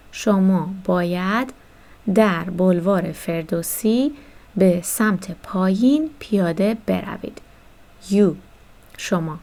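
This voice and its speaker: A woman teaching a beginner language lesson, reading story lines quickly and then patiently explaining each word. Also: medium pitch, creaky, a little mellow.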